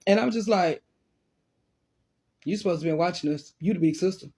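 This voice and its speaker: A woman with a husky, breathy voice telling a funny childhood story. She talks casually and animatedly, laughing along and acting out the sounds. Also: fairly low pitch, fairly quick, warm tone.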